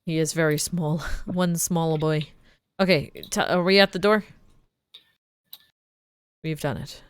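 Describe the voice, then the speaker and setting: Female player with a low, smooth voice and a dry sound, chatty and directing the group. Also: steady tone, slow pace, no room sound. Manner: chatty, directing the party, laughs often. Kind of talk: casual tabletop game play.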